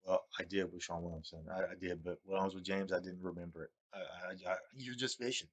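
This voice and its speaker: A fast-talking man with a flat delivery spins meandering stories about going fishing. Repetition and chuckles run throughout, and quoted lines come out higher-pitched.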